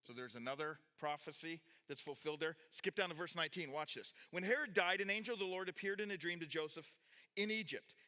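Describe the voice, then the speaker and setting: A man leading a sermon with a high, bright voice. He reads scripture, breaks off to explain, and asks his listeners questions, restarting his sentences as he goes. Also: fast. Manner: animated, with restarts, questions to the audience. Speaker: pastor teaching a youth group. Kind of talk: sermon with Bible reading.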